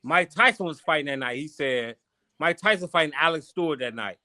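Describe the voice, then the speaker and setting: A man from Chicago, a former boxer, guesting on a podcast and telling stories from his life in a loose, animated, slangy way with plenty of swearing. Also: fairly high pitch, brisk, no room sound, studio quality. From Chicago, USA. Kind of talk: casual storytelling interview.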